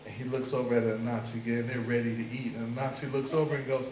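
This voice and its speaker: A man telling a folk tale live at a venue, expressive with dramatic pauses. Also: mid-range voice, a little hiss or hum. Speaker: storyteller. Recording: echoey room, mic far off.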